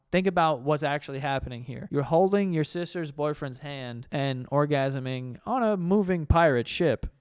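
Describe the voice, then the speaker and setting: A man's voice: a little high, clean tone, dry recording, studio quality. A male host reading internet confessions aloud and riffing on them with profane, sarcastic, incredulous asides.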